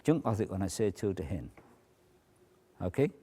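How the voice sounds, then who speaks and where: A man teaching a stage routine, explaining how he cues volunteers and dropping to a hushed near-whisper to demonstrate. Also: low-pitched, big pitch swings, moderate pace, husky. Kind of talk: demonstration lecture.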